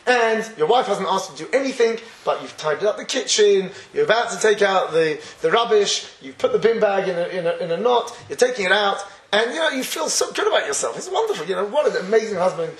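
A man teaches a Torah class in a fairly high voice. He keeps it conversational, chuckling often and acting out little everyday scenes. The echoey room rings around his words. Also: animated, quick pace, hardly any pauses.

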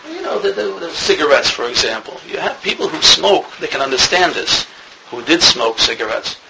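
A man's voice: a little high, sing-song, normal speed, creaky. A man giving a religious lecture as a rabbi, an earnest storyteller who grows more emphatic as he goes. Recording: noisy recording with clicks.

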